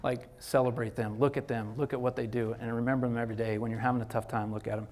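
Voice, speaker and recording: As a guest executive speaker, a man gives students a casual motivational lecture, animated and slangy and full of "like" and "dude." His voice is medium-pitched and his pace quick.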